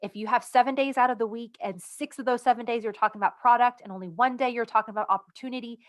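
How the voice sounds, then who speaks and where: A woman's voice: fairly high pitch, fairly even intonation, fast. A woman speaking as a direct-sales team leader, explaining rank requirements in a casual instructional video, upbeat and conversational, leaning on key words.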